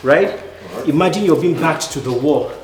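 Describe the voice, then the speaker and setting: A man's voice: fairly high pitch, moderate pace. A man coaching acting students through stage combat drills, counting out moves and calling cues in a commanding way. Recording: echoey room with background noise.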